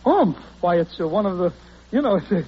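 A man doing quick, flustered, excitable comic patter as a guest on a 1940s radio comedy show, on a theater stage. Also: sits high, breathy edge. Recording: dull old radio broadcast with music.

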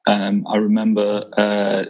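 A man's voice: fairly low pitch, monotone, measured pace, lo-fi sound. A man co-hosting a football podcast, chatting casually, sweary and self-deprecating. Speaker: podcast co-host. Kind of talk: casual chat.

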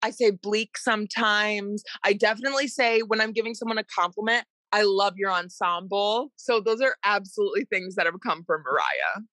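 A woman's voice: mid-range voice, big pitch swings, fairly quick, sharp tone, no echo. Upbeat woman podcast host, dry sound. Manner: upbeat, enthusiastic. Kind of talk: casual chat.

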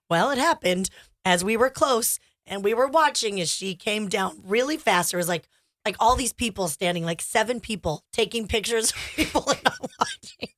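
A woman co-hosting a radio show podcast, chatty and quick to laugh while telling stories. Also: mid-range voice, expressive, fairly bright tone, no echo, clean studio sound. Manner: chatty storyteller, laughs a lot. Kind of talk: casual morning-show banter.

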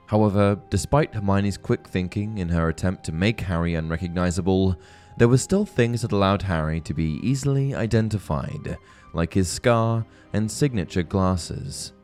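A man hosting a book-theory channel, giving scripted narration and reading with clear, measured storytelling and expressive emphasis. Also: low-pitched, faint music behind.

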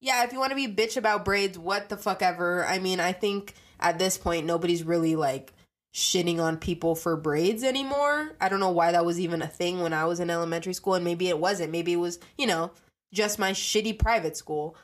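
A woman's voice: on the low side, fairly quick. A young adult woman hosting a casual monologue podcast, ranting animatedly and swearing freely. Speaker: podcast host.

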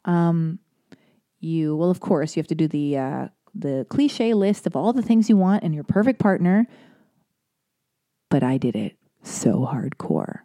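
A woman's voice: fairly low pitch, moderate pace, dark tone. A woman hosting a podcast, reading listener emails and talking through them in an earnest, rambling way with many fillers. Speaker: podcast host.

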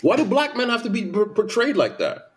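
Man, high voice, very lively pitch, emphatic, repetitive, casual chat. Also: a little fast, background noise. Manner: animated, repetitive, emphatic complaints.

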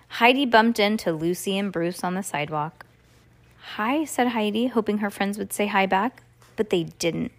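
A woman's voice: medium pitch, moderate pace. A woman reading a children's storybook aloud as a podcast host, breaking off for playful, chatty asides to a child listening. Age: adult.

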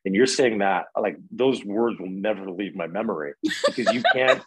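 A man with a very low, husky voice talks through his acting stories in a relaxed interview. He rambles and restarts often, recorded close and dry. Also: normal speed, few pauses, no echo, poor audio. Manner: rambling, many fillers and restarts. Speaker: actor, interview guest. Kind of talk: casual interview storytelling.

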